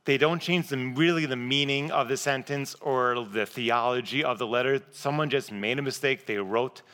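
A man's voice: medium pitch, normal speed, a bit bright. A man preaching a sermon in a casual, conversational, self-deprecating way. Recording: long reverb of a large hall.

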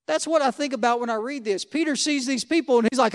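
A male pastor delivers a sermon in a chatty, conversational way. His voice sits unusually high for a man. He keeps checking in with rhetorical questions and tossing off joking asides. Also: expressive, fast talker, few pauses.

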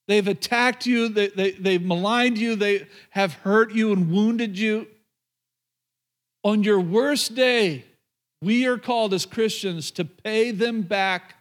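High-voiced joking pastor preaching. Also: male voice. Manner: lively and joking, with quick asides to the congregation. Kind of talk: sermon. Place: church before a live congregation.

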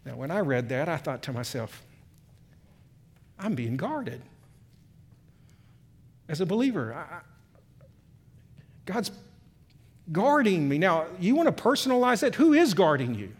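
A man preaching a sermon to a room, reading scripture and swinging from hushed tones to emphatic lines. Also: fairly high pitch, big pitch swings, normal speed, long pauses, breathy edge. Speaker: pastor. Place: church or meeting room.

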